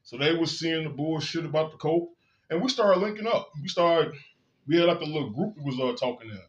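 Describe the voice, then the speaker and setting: A man's voice: a little high, lively intonation, a little fast, highs cut off. A man telling his own story in a candid, blunt and profane monologue, full of emphasis. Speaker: vlogger.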